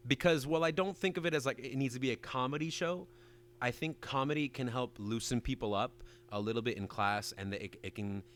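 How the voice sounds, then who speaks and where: A young man co-hosting a casual podcast chat about teaching dance, animated and swearing freely. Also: mid-range voice, fairly quick, slight background noise. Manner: animated, swearing, breaks into voices.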